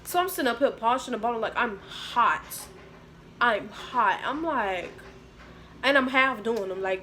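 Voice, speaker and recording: Young woman, higher voice, animated slangy delivery, storytime vlog. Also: unhurried, slight background noise. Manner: animated slangy storytelling, acts out others' lines. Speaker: vlogger.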